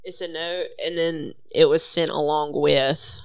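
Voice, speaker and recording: Low smooth-voiced woman in her twenties. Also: fairly even intonation, unhurried, no echo. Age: 20s. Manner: jokey, wry, plays with silly voices. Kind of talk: casual group chat.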